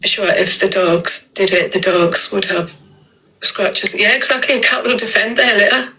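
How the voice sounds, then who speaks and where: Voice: mid-range voice, normal speed, bright, forceful tone, slight background noise, low-quality recording. A livestream guest, talking bluntly and dismissively in casual chat, swearing freely.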